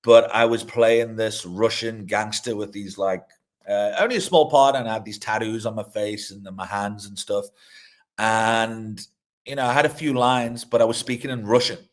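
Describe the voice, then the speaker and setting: A man's voice: lowish voice, normal speed. A middle-aged man, a director and actor, chatting loosely in an interview, swearing freely, restarting sentences and laughing mid-story. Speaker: film director and actor, guest. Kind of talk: casual interview chat.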